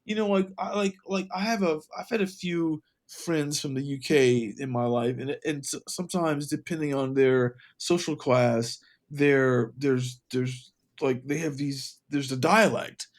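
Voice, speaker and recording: A man with a fairly high voice co-hosts a casual podcast conversation. He thinks out loud, stops and restarts his sentences, and repeats words while he searches for his point. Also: measured pace. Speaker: podcast co-host. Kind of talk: casual podcast chat about a comic book.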